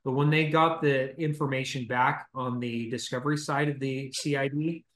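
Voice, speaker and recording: A man of middle pitch explains legal compliance on a podcast. He talks casually and jokes, restarting his sentences as he goes. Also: steady tone, moderate pace, fairly bright tone. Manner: explanatory, joking, with false starts. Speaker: legal compliance expert, co-host.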